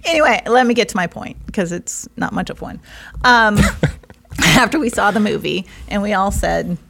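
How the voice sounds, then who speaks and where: A woman's voice: mid-range voice, lively intonation, moderate pace, vocal fry, fairly bright tone. A woman guesting on her husband's podcast who talks in a rambling way, teases him and laughs a lot. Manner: rambling, teasing, laughs often. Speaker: podcast guest, host's wife. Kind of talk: casual podcast chat. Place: small studio set.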